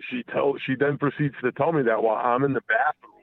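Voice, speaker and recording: A man's voice: medium pitch, fairly even intonation, a little fast, creaky, no echo. A man calling in to a talk show, telling a candid personal story in a rambling way full of restarts and profanity. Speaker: caller. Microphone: phone. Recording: tinny phone line.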